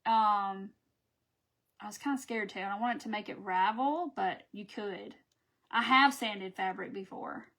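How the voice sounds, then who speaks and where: A woman's voice: medium pitch, unhurried, a bit bright. A woman hosting a live craft stream, chatting with viewers as she works and laughing at her own stumbles. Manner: chatty, laughing at herself, talking to viewers while working. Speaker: craft host.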